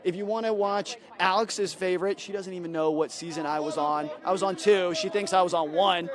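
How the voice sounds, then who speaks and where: A man's voice: high voice, steady tone, brisk, crowd noise. A man hosting a live interview in a backyard, joking, rambling and teasing himself. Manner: jokey, rambling, self-deprecating. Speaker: host interviewer. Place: outdoor backyard set.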